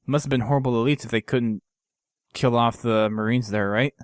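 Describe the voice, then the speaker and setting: A man's voice: medium pitch, fairly even intonation, fairly quick, no echo. A man hosting a podcast, casually recapping a game mission in a rambling way with lots of fillers and restarts. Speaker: podcast host.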